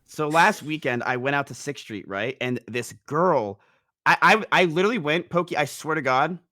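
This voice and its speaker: A young man in casual chat, telling a rambling, animated story with frequent restarts. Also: a little high, moderate pace. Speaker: streamer guest.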